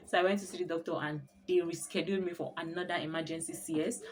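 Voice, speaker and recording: A young woman telling her birth story in a casual vlog, expressive and often laughing as she talks. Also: lowish voice, fast talker, few pauses, slight background noise.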